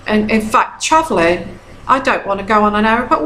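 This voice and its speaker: A woman's voice: mid-range voice, lively intonation, brisk, a bit bright, slight background noise. A woman, a tarot reader giving casual advice in a chatty, repetitive way and often checking in with "okay?". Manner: chatty, repeats herself, frequent "okay?" checks. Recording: echoey room.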